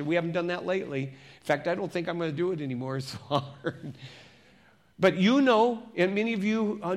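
A man preaching as a pastor, reading scripture slowly and turning to the congregation with conversational questions. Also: high voice. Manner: reads scripture slowly and deliberately.

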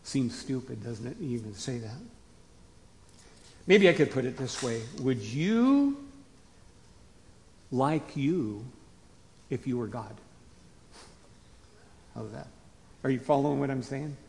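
A man preaching a conversational sermon to his congregation in a folksy way, rising to emphatic bursts and dropping to quiet asides. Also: medium pitch, sing-song, takes it slowly, vocal fry, long pauses. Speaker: pastor. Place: church sanctuary. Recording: long hall reverb.

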